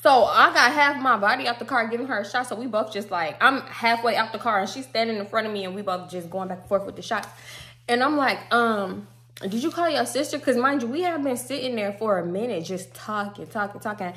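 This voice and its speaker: A young woman telling a personal story in a slangy, animated way, acting out what people said. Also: fairly high pitch, brisk. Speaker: storytime vlogger. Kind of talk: casual storytelling.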